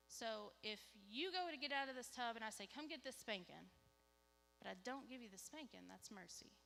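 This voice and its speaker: A woman, giving an animated church testimony and acting out dialogue. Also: a little high. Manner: animated storytelling, acts out dialogue. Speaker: lay speaker giving a testimony. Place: church sanctuary. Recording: live church hall with reverb, faint hum.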